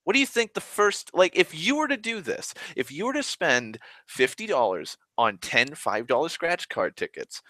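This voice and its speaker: Animated, profane young man ranting. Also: on the high side, no echo. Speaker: vlogger. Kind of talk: rambling casual monologue.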